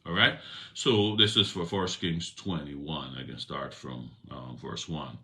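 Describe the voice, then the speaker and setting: A man's voice: very deep voice, a little slow, sharp tone. A man giving a casual Bible teaching, reading a passage and retelling it in everyday slang. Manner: conversational, retells scripture in slang. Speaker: preacher.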